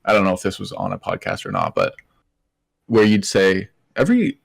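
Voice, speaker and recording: A man's voice: low-pitched, very animated, normal speed, vocal fry. A young man co-hosting a casual esports podcast over a call, hesitant and often trailing off. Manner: hesitant, trails off, short agreeing replies. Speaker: podcast co-host. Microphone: remote call audio.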